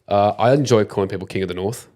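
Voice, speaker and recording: A male comedian chatting as a podcast guest in a dry, deadpan way. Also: fairly low pitch, fast. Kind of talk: casual chat.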